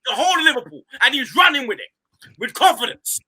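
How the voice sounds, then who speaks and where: A man in heated football banter, his voice leaping high and bright as he jeers and repeats his taunts. He talks fast with a lively, swooping delivery. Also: low-quality recording. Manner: loud, teasing, repeats phrases like chants. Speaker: football fan pundit.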